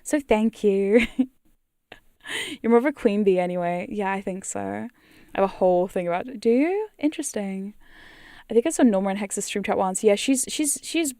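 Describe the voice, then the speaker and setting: A woman's voice: mid-range voice, animated, moderate pace, warm tone, dry recording, studio quality. A woman ASMR streamer chatting casually on a live stream, giggly and rambling with casual swearing.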